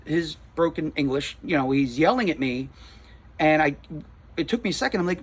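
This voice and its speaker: A fairly high-voiced, husky man with a New Jersey accent tells a casual vlog story. He rambles and restarts, repeating himself as he recounts an upsetting run-in. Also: animated, brisk. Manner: rambling, rattled retelling with frequent restarts. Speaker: comic shop owner.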